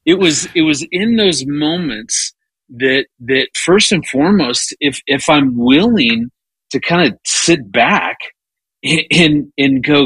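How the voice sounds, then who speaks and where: A man in his fifties telling a marriage story in conversation, lively and full of repeated words, rising in pitch as he acts out his thoughts. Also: takes it slowly, breathy edge, dry recording, rough recording. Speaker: marriage author and podcast guest.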